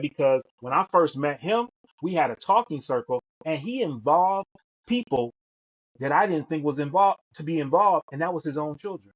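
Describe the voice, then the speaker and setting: A middle-aged man co-hosting a podcast, telling stories emphatically and repeating words as he goes. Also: a little high. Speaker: podcast co-host. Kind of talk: storytelling in conversation. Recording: dull lo-fi sound.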